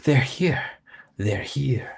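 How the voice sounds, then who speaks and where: A man's voice: mid-range voice, animated, drawn-out words, vocal fry, husky, pitched above the performer's own voice, full character voice. A man voicing an ancient dying male wizard, grave and pleading. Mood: urgent.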